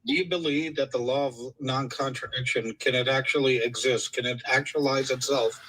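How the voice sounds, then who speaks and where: A man's voice: medium pitch, steady tone, normal speed, fairly bright tone, a little hiss or hum, poor audio. A young man calling in to a live podcast, casual, blunt and confrontational. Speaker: caller.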